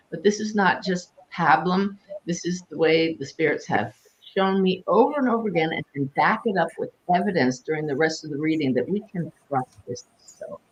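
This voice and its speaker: Medium-low woman with a soft lilt. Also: muffled recording. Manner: warm, animated, laughs easily. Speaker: host and medium. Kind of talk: casual spiritual Q&A talk.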